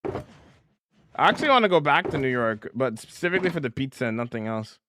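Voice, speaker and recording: Lively chatty male streamer. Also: mid-range voice, brisk, background noise. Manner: chatty, answers chat, hums while building. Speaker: livestreamer. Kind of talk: casual livestream chat.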